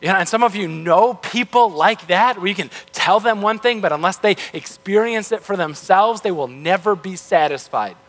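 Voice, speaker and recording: A man's voice: sits high, normal speed, few pauses, a bit bright, long reverb tail. A male pastor giving a sermon in a loose, conversational way with frequent restarts, heard in a church. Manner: casual, conversational, self-correcting.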